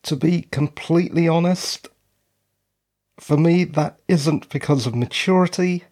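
A man's voice: a little high, unhurried, darkish tone. A middle-aged man hosting his own podcast, out of breath and tired, rambling along with self-deprecating asides into a handheld dynamic mic. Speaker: podcast host. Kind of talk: casual solo podcast chat. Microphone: handheld dynamic microphone.

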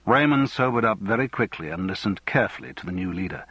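Husky male audiobook narrator. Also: lowish voice, lively intonation, fast talker, few pauses, fairly bright tone, no room sound, dull audio. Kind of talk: scripted narration.

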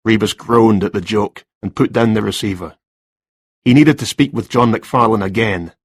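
A low-voiced man reads a story in a measured, even way. The sound is close and dry, with no room around it. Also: breathy edge, dry recording. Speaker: narrator. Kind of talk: scripted story narration.

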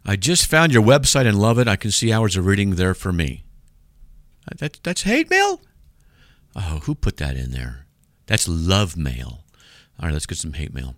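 A man's voice: deep voice, lively intonation, moderate pace, a bit bright, dry recording, studio quality. A man hosting a radio show, reading listener letters aloud and mocking them in a wry, casual way.

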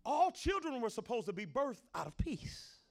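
This middle-aged pastor is very animated, with a gravelly voice and a moderate pace. His folksy sermon rises from soft talk to shouted lines.

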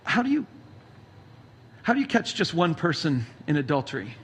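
Animated high-voiced male pastor. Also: normal speed, husky. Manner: casual, animated retelling with acted quotes. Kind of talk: sermon storytelling.

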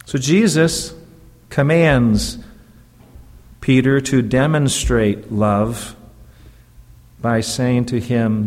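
Slow-preaching pastor in a reverberant hall. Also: male voice, medium pitch, fairly even intonation, a little mellow. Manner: slow, deliberate preaching with emphatic rises. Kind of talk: sermon. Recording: long reverb of a church hall.

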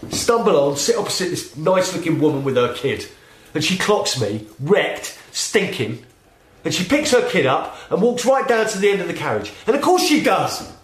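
A man acting a sober former thief, defensive and proud, who talks hesitantly with stumbling restarts. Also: sits high. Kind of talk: audio drama acting. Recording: roomy echo.

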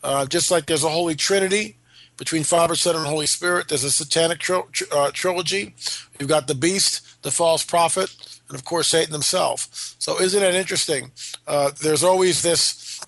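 A man hosts talk radio in a loose, rambling way, stopping and restarting his words. His voice sits a little high. It sounds congested from allergies, and the mic sound is dry and close. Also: normal speed, gravelly, fairly bright tone, dry recording. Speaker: radio show host. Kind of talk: casual talk radio monologue.

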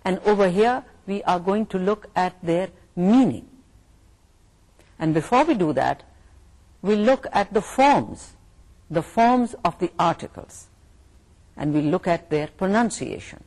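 A middle-aged woman with a Pakistani English accent giving a university English lecture, slow and deliberate, repeating and rephrasing her points. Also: on the low side, expressive, a little mellow. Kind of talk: recorded lecture.

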